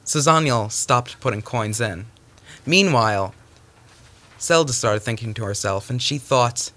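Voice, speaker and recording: A man telling a folktale aloud, animated, with stumbling restarts and sudden hushes. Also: mid-range voice, a little slow. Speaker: storyteller.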